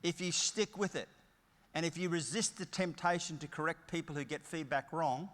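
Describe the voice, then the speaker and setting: A man's voice: fairly high pitch, normal speed, fairly bright tone. A middle-aged Australian man giving a motivational conference keynote, emphatic and story-driven with punchy short phrases. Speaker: keynote speaker. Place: large conference hall. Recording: long hall reverb.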